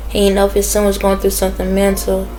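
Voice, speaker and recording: A woman speaks at a middle pitch in a loose, rambling spiritual vlog, chatting straight to her viewers. She often breaks off to listen, then picks the thread back up. Soft music plays faintly behind her. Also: monotone, quick pace. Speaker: spiritual reader. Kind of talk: casual spiritual vlog talk.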